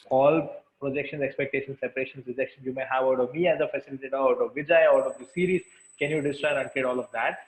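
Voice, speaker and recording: A man's voice: medium pitch, quick pace. Man guiding a webinar over a tinny call. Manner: calm, repetitive instructions. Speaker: webinar facilitator. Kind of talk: guided energy exercise and group chat. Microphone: video call. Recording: tinny call audio with room echo.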